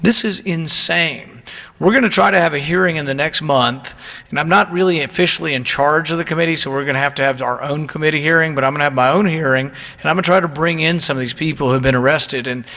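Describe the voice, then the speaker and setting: A man's voice: fairly high pitch, fast, sharp tone, long reverb tail. A man giving an indignant, emphatic public speech and telling stories of ordinary people.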